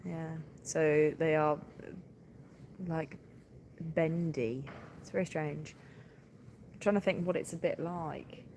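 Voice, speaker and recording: A woman's voice: low-pitched, steady tone, takes it slowly, pauses often, a little mellow, a little hiss or hum. A tired woman, a livestock farmer chatting casually on a live stream, giggling often and filling gaps with ums. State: tired, short on sleep.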